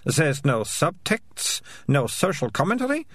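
A man putting on a bossy, sharp-tongued girl from a storybook, lecturing in a scornful, pushy way. The voice rides high with wide, lively swings and a touch of huskiness, dry and close. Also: no echo, heavily acted. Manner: lecturing, scornful, rapid-fire.

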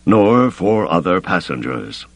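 A man voicing an unstable older male Jedi Master who speaks slowly and imperiously, in an audiobook reading. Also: sits low, expressive, no echo. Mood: curt. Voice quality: slow, deliberate, commanding.

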